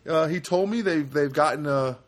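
A man's voice: fairly high pitch, normal speed. A middle-aged man talking in a rambling personal monologue, full of fillers, restarts and wry self-mocking asides. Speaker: vlogger.

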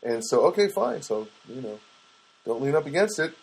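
Husky guy rambling to the camera, lots of uh and um, wry little asides. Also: medium pitch, big pitch swings, normal speed, a little mellow, low-quality recording. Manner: hesitant, many fillers and restarts, wry asides. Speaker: vlogger. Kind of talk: rambling casual monologue.

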